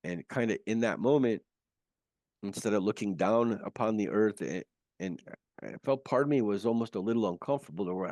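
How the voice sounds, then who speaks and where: A man recounting his near-death experience as an interview guest, earnest and halting with many restarts, on a video call. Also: lowish voice, darkish tone, no room sound.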